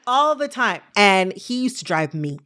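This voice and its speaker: A woman co-hosting a podcast, telling personal stories in an animated, laughing way. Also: mid-range voice, measured pace. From Detroit area. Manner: animated storyteller, laughs often. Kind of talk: casual storytelling chat.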